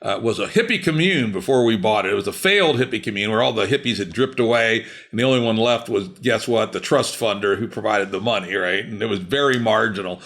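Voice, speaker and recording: Low gravelly older man hosting. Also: fairly quick, hardly any pauses, fairly bright tone. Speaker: podcast host. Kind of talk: casual interview chat.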